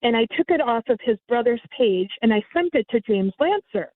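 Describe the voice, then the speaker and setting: Lady telling her scam story over a thin phone line, highish voice, dead dry sound. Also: a little fast, dry recording. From United States. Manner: lively, mimics others with sudden high pitch jumps. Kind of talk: casual storytelling.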